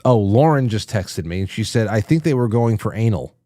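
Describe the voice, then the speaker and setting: A man's voice: on the low side, animated, fairly quick, warm tone, dry recording, studio quality. A man hosting a casual livestream, reading viewer messages aloud and rambling through his thoughts with fillers and restarts. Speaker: talk show host reading chat messages.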